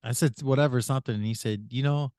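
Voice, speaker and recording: A man's voice: medium pitch, fast, a little mellow, no echo, clean studio sound. A male podcast host telling a rambling, casual story, stacking up "I said" and laughing as he goes. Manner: retells with many "I said", laughs often.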